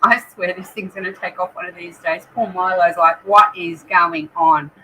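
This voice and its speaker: A woman's voice: lowish voice, normal speed, sharp tone, slight background noise, low-quality recording. A woman with an Australian accent hosting a live craft stream, chatting and reading out viewer comments. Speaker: craft channel host.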